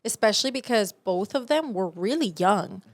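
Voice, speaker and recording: Young woman co-host, casual and animated, acts out what people said, mid-range voice. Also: mid-range voice, moderate pace, no room sound. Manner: animated storytelling, acts out quotes loudly. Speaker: podcast co-host. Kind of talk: casual chat.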